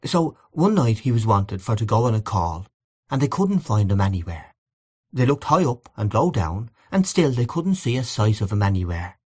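A woman's voice: extremely low pitch, very animated, moderate pace, dark tone, husky, exaggerated voice. A man voicing a grieving elderly housekeeper who rambles in a wistful, confiding way. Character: grieving elderly Irish housekeeper, gossipy and plaintive.

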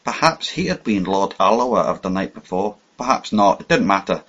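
Husky low-ish man reading a story, measured and dramatic, dull lo-fi audio. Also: lively intonation, a bit bright. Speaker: audiobook narrator. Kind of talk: scripted narration.

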